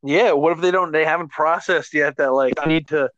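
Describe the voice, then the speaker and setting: Joking man riffing, slightly high voice. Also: steady tone, a little fast, fairly bright tone, no echo, highs cut off. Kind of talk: casual chat.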